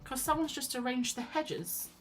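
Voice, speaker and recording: A woman voicing a startled middle-aged husband in a squeaky, baffled way. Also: animated, normal speed, faint music behind.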